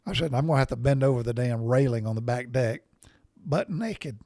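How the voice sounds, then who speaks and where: A man's voice: medium pitch, expressive, fairly quick, warm tone, no echo, clean studio sound. A middle-aged man hosting a podcast, telling a story about himself in a casual, folksy, salty way and laughing at his own expense. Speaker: podcast host.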